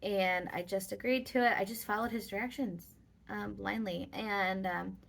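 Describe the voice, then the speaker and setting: A woman's voice: medium pitch, fairly even intonation, normal speed, gravelly, a bit bright. A woman vlogger telling a personal story in casual, rambling talk with many fillers.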